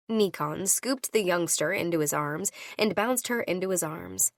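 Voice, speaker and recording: A woman reading a first-person audiobook, voicing each character with her own shifts in pitch. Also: animated, a little slow, gravelly, few pauses, no room sound, studio quality. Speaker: audiobook narrator.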